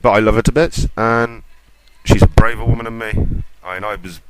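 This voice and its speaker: Rambling man, loud noise behind. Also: on the low side, steady tone, moderate pace. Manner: ranting, self-mocking, off-topic. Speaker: podcast host. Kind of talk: casual rambling chat.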